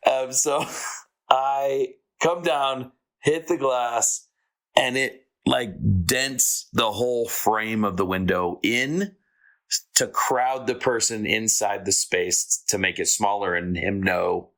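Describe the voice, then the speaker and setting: A man's voice: medium pitch, slow, a bit bright. A man playing a tabletop game, describing his character's moves in a laid-back, jokey way. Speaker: player. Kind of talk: casual tabletop play.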